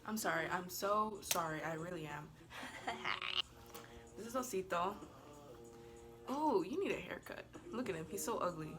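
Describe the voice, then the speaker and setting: A woman's voice: on the low side, animated, normal speed, pauses often, music in the background. A woman telling a casual storytime to camera in a chatty, rambling way, full of "like", giggling and bubbly. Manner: chatty and rambling, heavy use of "like"; bubbly and giggly, apologizes playfully. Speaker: vlogger.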